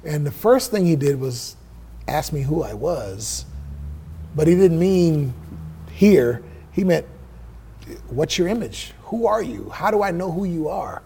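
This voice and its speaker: Gravelly middle-aged man telling stories. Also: fairly high pitch, unhurried, a little hiss or hum. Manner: profane, animated storyteller who acts out quoted dialogue. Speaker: interview guest, musician. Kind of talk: casual storytelling interview.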